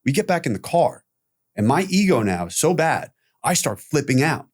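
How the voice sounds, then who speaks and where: Man telling a candid story, animated. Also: fairly high pitch, normal speed. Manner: animated retelling with profanity, acting out quoted voices. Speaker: podcast guest.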